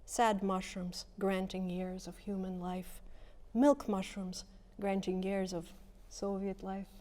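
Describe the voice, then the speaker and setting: A woman with a mid-pitched voice reads her poem aloud. She keeps a measured pace and puts strong weight on single words. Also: little pitch movement, a little mellow. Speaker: poet reading her work. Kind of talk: poetry reading.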